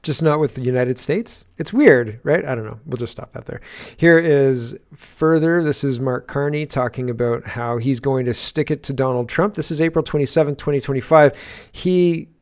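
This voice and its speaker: A man hosting a political commentary show, talking casually with sarcasm and loud exasperated outbursts. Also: mid-range voice, moderate pace.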